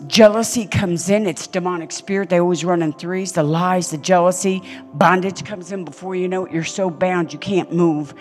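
An older woman preaching a sermon on a church stage, telling stories emphatically with sudden loud peaks. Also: fairly low pitch, steady tone, moderate pace, faint music behind.

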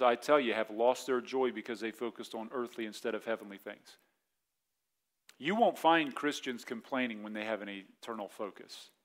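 A male pastor in his forties delivers a sermon in a loose, conversational way. His voice sits at an ordinary middle pitch. He keeps slipping into short voiced asides. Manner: conversational preaching, acts out quick voiced asides.

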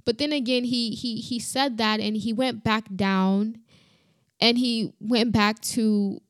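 A woman's voice: fairly high pitch, steady tone, dry recording. Woman talking through a bible passage, earnest, stops and restarts a lot, gets emotional, dry close sound. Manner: earnest, halting, many restarts and "you know". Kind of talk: personal Bible reflection.

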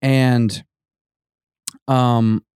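A man at a middle pitch spins a ghost story for his co-hosts in loose, casual chat. He rambles, stacks up fillers and false starts, and slips into quoting himself and others. The sound is close and dry, with no room in it. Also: little pitch movement, drawn-out words, a little mellow, smooth, no room sound. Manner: rambling, full of "like" and restarts, acts out quotes. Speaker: podcast co-host telling a ghost story.

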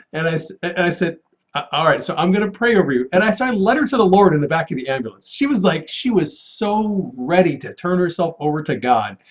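Animated man telling a story. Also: a little high, fairly quick. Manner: animated, laughs often, acts out quoted voices. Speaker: paramedic and guest sharing a testimony. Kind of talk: casual storytelling testimony.

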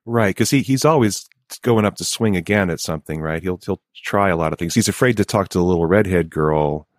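Deep-voiced reflective man. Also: no echo, studio quality. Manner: reflective, halting with restarts. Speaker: podcast co-host. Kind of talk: casual discussion.

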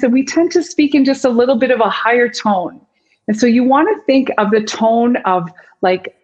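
A woman's voice: medium pitch, highs cut off. A woman guest speaker and communication coach who explains with energy and demonstrates vocal tones as she goes. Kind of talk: instructive interview talk.

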